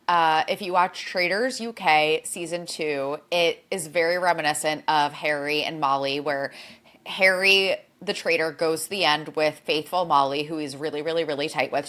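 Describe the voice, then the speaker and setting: Woman, podcast co-host, chatty gossip, slightly low voice. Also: fairly bright tone. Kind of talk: casual chat and read ad.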